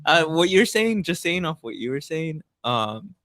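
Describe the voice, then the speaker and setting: A man's voice: on the high side, big pitch swings, a little slow, fairly bright tone, no room sound. A man co-hosting a casual podcast, talking loosely with lots of fillers and swearing. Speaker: podcast co-host. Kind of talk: casual chat.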